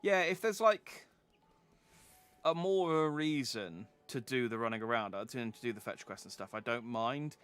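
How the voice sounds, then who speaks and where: A man's voice: medium pitch, expressive, moderate pace, a bit bright, smooth. Rambling male game streamer. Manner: rambling, self-interrupting, chatty. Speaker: vtuber streamer. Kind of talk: casual game commentary.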